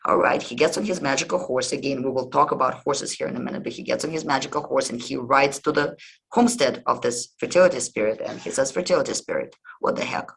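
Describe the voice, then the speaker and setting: A man with a heavily gravelly, husky voice hosts a history podcast. He retells old legends in a loose, hesitant way, with frequent ums and restarts. His tone stays informal and unpolished. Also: mid-range voice, fast talker, a bit bright, low-quality recording. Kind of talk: casual podcast lecture retelling myths.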